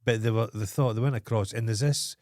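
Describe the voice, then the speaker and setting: A man's voice: fairly low pitch, a little fast, darkish tone, dry recording. Dry-humoured Scottish man, teasing. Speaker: podcast co-host. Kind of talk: casual chat.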